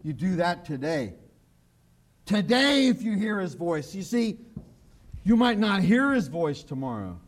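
A male pastor preaching a sermon, emphatic and repetitive, often dropping to a low, quiet voice for asides. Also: sing-song, a little slow, pauses often. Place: church broadcast on radio and online.

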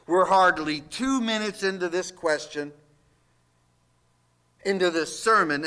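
High, bright-voiced man preaching slowly. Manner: folksy, emphatic preaching with jokes. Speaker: pastor. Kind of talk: sermon.

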